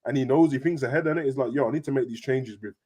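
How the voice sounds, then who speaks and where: Young man, quick talker, slangy, animated football chat. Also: husky. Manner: animated, slangy, rapid banter with big pitch jumps. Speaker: football podcast host. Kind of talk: casual chat.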